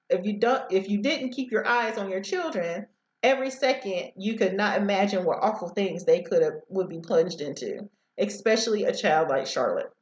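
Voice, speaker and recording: A woman's voice: medium pitch, darkish tone, echoey room, highs cut off. A woman teacher reading a novel aloud to students over a headset, sometimes stumbling over words.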